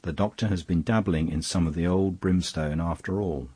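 A man's voice: sits low, fairly even intonation, moderate pace, dark tone, slightly rough, no room sound. A man reading aloud, voicing a mild, thoughtful male priest who reasons soberly. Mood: earnest. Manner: sober and reflective, puzzling things out.

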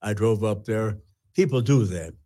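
An older man, a retired pastor, earnestly telling his personal testimony with halting restarts. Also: fairly low pitch, warm tone.

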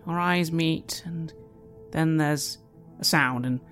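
A man narrating a tabletop role-playing game as game master, in a halting, hesitant way. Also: on the high side, fairly bright tone, soft background music.

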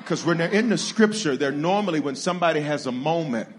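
Here a male pastor preaches with high energy, trading jokes and call-and-response lines with the congregation. He moves between quiet asides and long, shouted peaks.

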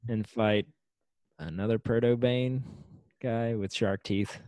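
A man's voice: mid-range voice, slow, dry recording. A man co-hosting a casual podcast, joking wryly through a TV episode recap. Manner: wry, joking, lively delivery. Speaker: podcast co-host.

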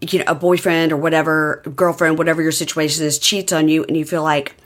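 A woman co-hosting a podcast, chatting casually and retelling a story with animated quotes. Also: low-pitched, a little fast. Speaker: podcast co-host. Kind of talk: casual chat recapping a reality show.

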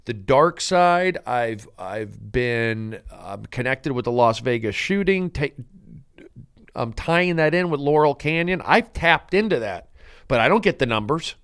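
A man's voice: mid-range voice, animated, unhurried, fairly bright tone, clean tone, dry recording, studio quality. Rambling mock-grandiose male comedian. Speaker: comedian and podcast host. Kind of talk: comedic podcast monologue.

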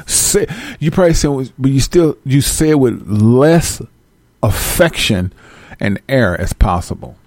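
A man giving casual, profane life advice to his viewers, acting out both sides of phone calls in slangy, animated bits. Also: medium pitch, unhurried, no room sound. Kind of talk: casual direct-to-camera rant.

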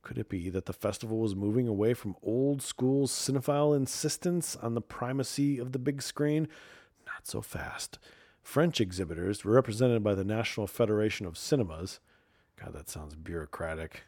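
A man with a lowish, mellow voice hosts a casual talk show. He rambles through the stories with sarcastic asides and mutters under his breath. The sound is dry and close to the mic. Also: lively intonation, a little fast, no room sound. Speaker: podcast host. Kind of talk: casual commentary and news reading.

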